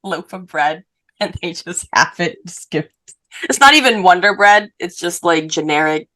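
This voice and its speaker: A woman from Puerto Rico chats on a podcast in a somewhat low voice. She reads out lists at an easy pace, then bursts into quick, animated asides. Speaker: podcast co-host. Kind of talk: casual chat.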